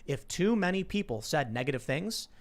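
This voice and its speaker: A man's voice: on the high side, expressive, normal speed. A man hosting a podcast, telling stories in casual chat and acting out the people he quotes. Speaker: podcast host.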